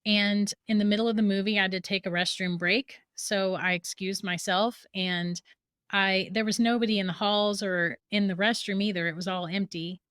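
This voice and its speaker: A woman as a podcast guest, telling a story in a lively way and laughing through it. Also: mid-range voice, normal speed, smooth, no room sound, studio quality.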